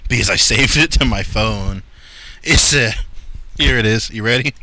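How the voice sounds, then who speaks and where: A man's voice: on the low side, moderate pace, no room sound. A man co-hosting a podcast who tells stories with lots of laughter in casual chat. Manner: animated storytelling, laughing often. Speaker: podcast co-host.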